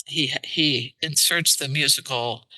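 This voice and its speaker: A woman translator, a guest on a podcast, explaining in an animated way and tapping out verse rhythms aloud. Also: rumbling low, slow, no room sound, low-quality recording. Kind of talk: casual podcast interview. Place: studio.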